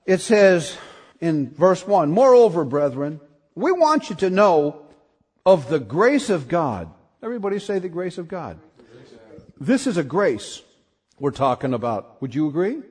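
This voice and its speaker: High, lively male preacher. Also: a little slow, husky. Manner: animated preaching, rising to high excited calls; asks the congregation questions. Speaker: pastor. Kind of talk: sermon.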